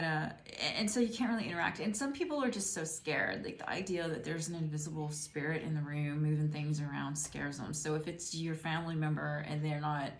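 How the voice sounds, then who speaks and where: Gravelly-voiced middle-aged woman reading tarot. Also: low-pitched. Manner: musing, rambling, talks to the viewer. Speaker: tarot reader. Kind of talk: casual spoken tarot reading. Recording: roomy echo.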